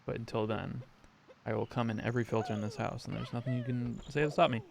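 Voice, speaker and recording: A man voicing a crude, stubborn old grandfather who lectures his grandson in a low, quiet way. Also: fairly even intonation, quick pace, gravelly, a crowd in the background, close to an everyday voice. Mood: bossy.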